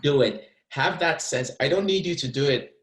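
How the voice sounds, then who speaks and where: Animated man coaching actors. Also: a little high, normal speed, poor audio. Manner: animated, encouraging, repeats words while thinking. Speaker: acting teacher. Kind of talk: masterclass coaching.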